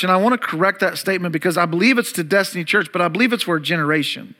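A man with a high, bright voice preaches a sermon as pastor. He leans on key words, repeats phrases for emphasis and throws questions out to the congregation.

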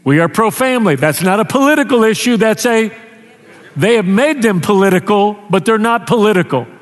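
A man's voice: high-pitched, animated, brisk, big-room sound. A male pastor, preaching a sermon in a conversational way, often restarting his sentences. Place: church sanctuary.

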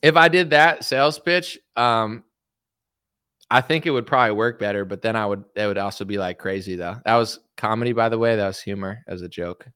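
A man's voice: on the low side, steady tone, fairly quick, pushed and bright, smooth, no echo, clean studio sound. A young man hosting a casual livestream, rambling and sarcastic with lots of filler words while he reads viewer chats. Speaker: livestream host.

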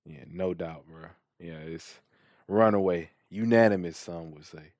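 A man's voice: low-pitched, measured pace, darkish tone, no echo, clean studio sound. A man co-hosting a podcast, chatting casually about a TV show in a laid-back way, full of slang like "bro" and "man". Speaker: podcast co-host. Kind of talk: casual TV recap chat.

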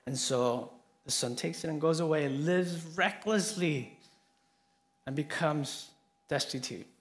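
A man preaching a sermon, telling a story earnestly and swinging between soft and emphatic delivery. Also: on the high side, measured pace.

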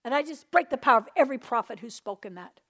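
Woman preacher, high voice, impassioned charismatic testimony, from hushed to loud. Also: lively intonation, quick pace. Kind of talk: charismatic sermon.

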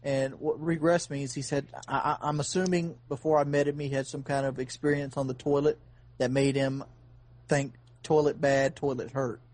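A man's voice: medium pitch, flat delivery, normal speed, darkish tone. A man hosting a casual podcast chat, telling a long earnest story with many restarts.

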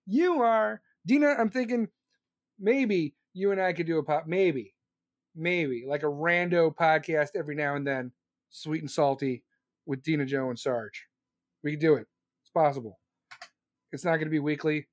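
An adult American podcast host, still working, riffs casually on the live chat with crude jokes and swearing. His fairly high voice moves at normal speed in rambling, profane banter, captured in studio quality with no room sound.

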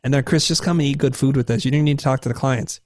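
A man in his forties, a guest telling candid stories in a self-deprecating, animated way, jumping up high when he acts out his past self. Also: fast talker, no echo, clean studio sound. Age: 40s. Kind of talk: candid conversational storytelling.

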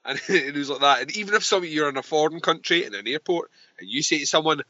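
A Scottish man co-hosts a podcast, laughing often and trading profane jokes. His bright voice rises and falls a lot. The sound is dry and a bit dull. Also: on the high side, animated, quick pace, dry recording. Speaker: podcast co-host. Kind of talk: casual chat.

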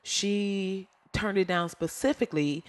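A woman's voice: mid-range voice, unhurried. A woman hosting her own podcast, ranting in a casual, slangy way, laughing often and going off on tangents. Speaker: podcast host. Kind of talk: casual solo podcast rant.

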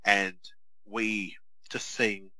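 Chatty man, bright dry voice. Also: on the low side, drawn-out words, dry recording, poor audio. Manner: chatty, animated storytelling with many restarts. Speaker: podcast co-host. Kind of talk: casual chat.

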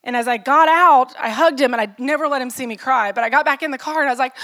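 A woman's voice: high-pitched, fast talker, few pauses, pushed and bright. A middle-aged woman pastor preaching a sermon in an earnest, personal way, telling stories and asking the listeners questions.

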